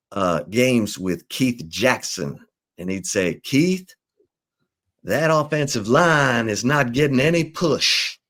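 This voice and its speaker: A man, a sports insider, casually telling the history of a college football rivalry in an unhurried storytelling way. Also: lowish voice.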